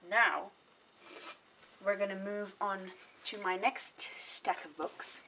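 A young book vlogger chats about her books slowly, in a mid-range voice with a sharp tone, rambling and often correcting herself mid-sentence. She sounds a bit distant from the mic, with faint hiss in the background.

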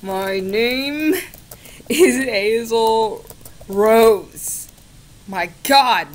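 Her voice sits a little high and she speaks very slowly. A young gaming video creator at her laptop at home, she chats on camera with a chatbot, sarcastic, giggly and mock-exasperated, swearing often.

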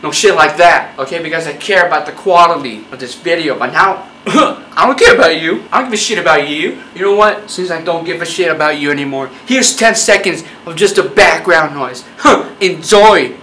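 A man's voice: fairly high pitch, brisk, hardly any pauses, sharp tone, echoey room, distant mic, slight background noise, rough recording. A man doing a profane, mock-angry comedy rant straight at his viewers. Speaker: YouTube comedian.

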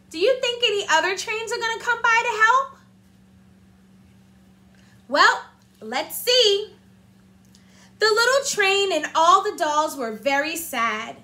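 A woman teacher reads a storybook aloud to young children, animated and stopping often to ask them questions. Her voice is very high and bright, and she reads at an unhurried pace. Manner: animated, asks the listeners questions.

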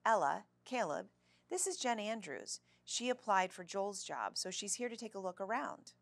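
A woman's voice: medium pitch, very animated, normal speed, gravelly, pitched above the performer's own voice. A woman reading as a friendly mom. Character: friendly mother who runs an animal rescue center.

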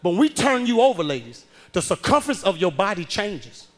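A man performing a stand-up comedy routine on a club stage, telling a story loudly and acting out the people in it. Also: sits high, brisk. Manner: loud animated storytelling, acting out the people he quotes.

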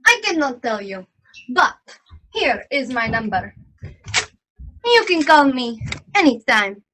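A woman's voice: high-pitched, big pitch swings, slow pace, pushed and bright, a little hiss or hum, heavily acted. An actress playing a coy, evasive young woman client who teases a detective, in an amateur virtual stage reading.

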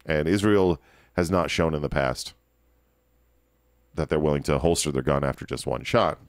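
Low-voiced man ranting. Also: no echo, clean studio sound. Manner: animated, ranting, quick restarts. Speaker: podcast host. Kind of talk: opinionated podcast commentary.

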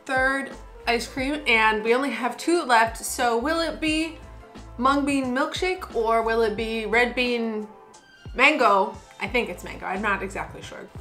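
A woman's voice: a little high, fairly bright tone. A young woman from the United States, gushing playfully while taste-testing in a casual vlog. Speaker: food vlogger.

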